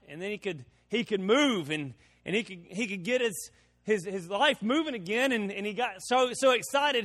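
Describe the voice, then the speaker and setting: A man preaching a sermon, telling a homespun story with repeated words and slow, drawn-out emphasis. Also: high-pitched, fairly bright tone, in a large hall. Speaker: pastor.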